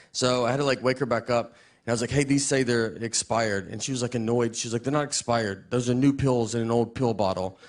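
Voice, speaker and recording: A man performing a stand-up set in a deadpan, meandering way with frequent restarts. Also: medium pitch. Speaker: stand-up comedian. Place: live comedy stage before an audience. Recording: live set with audience laughter. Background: crowd laughter.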